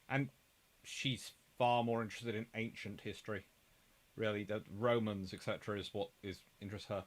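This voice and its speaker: A man's voice: medium pitch, little pitch movement, moderate pace. A middle-aged man from England, hosting a rambling live-stream chat and answering viewer comments. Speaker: host.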